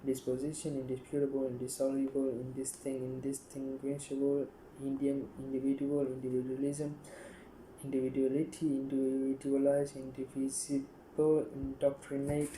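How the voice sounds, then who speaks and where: A man reading dictionary words aloud one after another, in a flat listing manner with frequent stumbles and restarts. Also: medium pitch, moderate pace, reverberant, slight background noise, low-quality recording. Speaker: youtuber.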